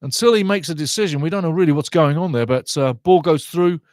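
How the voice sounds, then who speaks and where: Man, fan watch-along commentator, high-ish voice, dry close sound, excitable, chatty. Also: fast, no echo. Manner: passionate, chatty, talks to viewers, shouts at goals. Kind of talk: excitable live match commentary.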